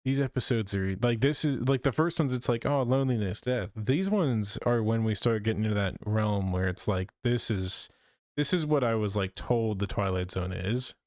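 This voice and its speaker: A man's voice: lowish voice, normal speed, no echo, studio quality. A man co-hosting a podcast, casually recounting a plot with hesitant fillers and acted-out quotes. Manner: hesitant, acts out quoted lines. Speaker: podcast co-host. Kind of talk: casual chat.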